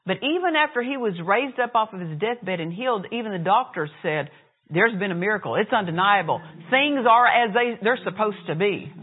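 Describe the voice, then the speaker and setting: A woman preaching a sermon, retelling a story and acting out laughs and quoted lines. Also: medium pitch. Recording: tinny phone-like sound.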